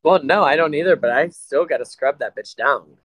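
A man's voice: on the high side, a little fast, a bit bright, dry recording, low-quality recording. A man co-hosting a podcast, blunt and crude in casual chat, self-deprecating. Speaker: podcast co-host.

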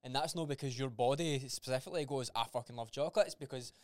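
A young man talks quickly in a blunt podcast chat, swearing freely and acting out old conversations. His voice is smooth and clear. The sound is dry and close. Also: medium pitch, no room sound. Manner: blunt, swears freely, acts out quoted dialogue. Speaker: podcast co-host. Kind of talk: casual chat.

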